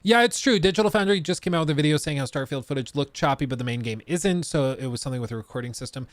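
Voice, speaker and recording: A man's voice: medium pitch, rapid-fire. A young man streaming live, chatting casually and laughing as he reacts to a game trailer and explains technical details.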